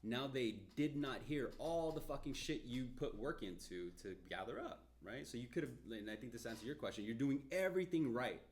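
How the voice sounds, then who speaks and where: A man coaching salespeople in a casual, blunt and energetic way, swearing often. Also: mid-range voice, a little fast, few pauses. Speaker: sales trainer.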